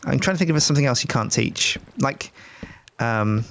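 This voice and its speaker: A man casually coaching a newcomer through a video game, giving patient instructions with an animated, teasing manner. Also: medium pitch, moderate pace, gravelly, slight background noise. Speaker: Minecraft mentor. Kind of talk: casual gaming chat.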